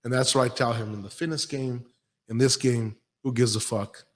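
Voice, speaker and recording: A man's voice: mid-range voice, fairly even intonation, normal speed, in a large hall. A man hosting a podcast, talking bluntly in a casual chat, swearing often and telling stories. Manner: blunt, heavy swearing, storytelling. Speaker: podcast host.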